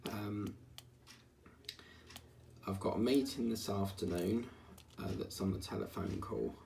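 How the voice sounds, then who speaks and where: A man's voice: lowish voice, a little slow, vocal fry, a little mellow. A man chatting casually and grumbling in asides while working on a diamond painting at home. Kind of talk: casual chat while crafting. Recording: distant mic, faint background hiss.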